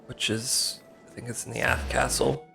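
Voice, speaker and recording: A man's voice: medium pitch, level tone, moderate pace, creaky, pushed and bright, faint music behind. A man casually talking through a game on a live stream, rambling, unsure and poking fun at himself. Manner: casual, rambling and self-mocking, often unsure. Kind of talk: live-stream gameplay commentary.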